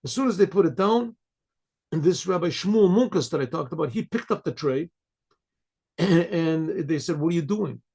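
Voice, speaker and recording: An older man, a rabbi, telling a story to listeners, often clearing his throat and acting out the voices of the people in it. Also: on the high side, expressive, normal speed, a little mellow. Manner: frequent throat clearing, acts out quoted voices. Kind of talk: storytelling talk.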